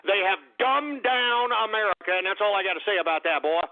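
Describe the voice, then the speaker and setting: A man from Texas hosting a call-in radio show, loud and blustering, trading insults with callers. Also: high-pitched, brisk, hardly any pauses. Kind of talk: brash call-in radio banter. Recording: phone-like lo-fi radio broadcast.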